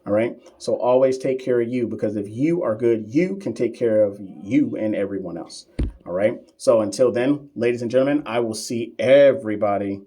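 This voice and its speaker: A man's voice: mid-range voice, normal speed, mellow. Chatty man answering live-stream comments. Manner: loose and chatty, reads viewer comments aloud and answers them; teasing and familiar with regular viewers. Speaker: nursing exam coach hosting a live stream.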